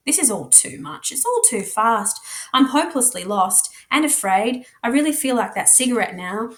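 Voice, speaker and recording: Expressive Australian woman reading aloud. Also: fairly high pitch, normal speed. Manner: dramatic, shifts voice and pace for characters. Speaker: teacher reading a novel aloud. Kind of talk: expressive read-aloud narration.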